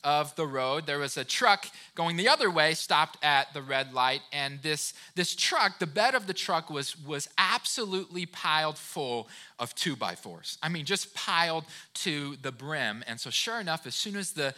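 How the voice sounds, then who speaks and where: A man with a fairly high, very bright and forceful voice gives a motivational talk. His pitch swings widely as he tells personal stories, often checking in with the listener with "right?" He restarts and repeats words as he goes. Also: animated, normal speed. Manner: earnest, direct address to the listener with frequent "right?". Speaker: speaker of a talk series.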